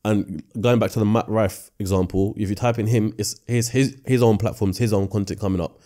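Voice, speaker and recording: A man's voice: lowish voice, fairly even intonation, fairly quick, dark tone. A man hosting a casual podcast chat, offering his opinions carefully and thinking aloud. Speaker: podcast host.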